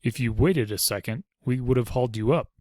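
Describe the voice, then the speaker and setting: A man's voice: medium pitch, fairly quick, mellow, no room sound, lightly acted. A man voicing a wry male ranger commander with a dry, teasing humor.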